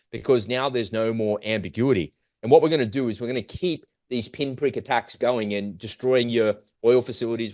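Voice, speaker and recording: A man giving an urgent, animated commentary monologue, firing off rhetorical questions as host of his own show. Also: medium pitch, no room sound, clean studio sound. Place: at home in Australia.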